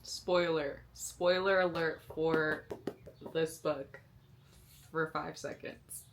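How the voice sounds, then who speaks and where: Young female book vlogger, slightly low voice, excitable and gushing, slangy casual chat. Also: takes it slowly, a little hiss or hum. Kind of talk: casual reading vlog. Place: sister's bedroom, indoors.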